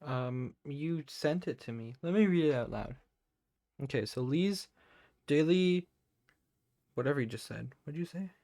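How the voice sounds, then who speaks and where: A man's voice: on the high side, animated, a little slow, long pauses, dark tone. A man co-hosting a casual podcast, goofy and jokey, protesting in an exaggerated way. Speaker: podcast co-host.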